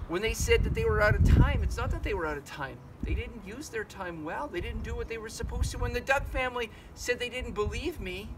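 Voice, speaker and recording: A man voicing a kind, patient father bear in a children's story, speaking in a calm, steady, encouraging way. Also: sits high, background noise, natural voice.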